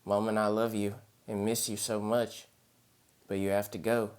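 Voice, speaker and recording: A grown daughter, tearful and gentle, pleading softly through her goodbyes, as a man reads her lines in his own low voice. She speaks in a storybook horror reading. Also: flat delivery, normal speed, clear, resonant tone, lightly acted. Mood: tearful, tender.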